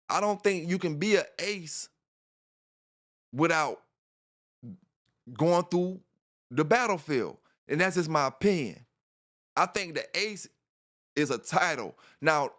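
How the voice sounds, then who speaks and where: A man's voice: on the high side, lively intonation, a little slow, long pauses, a bit bright. A man hosting a dog channel, talking casually in a rambling monologue, repeating himself and filling gaps with "you know".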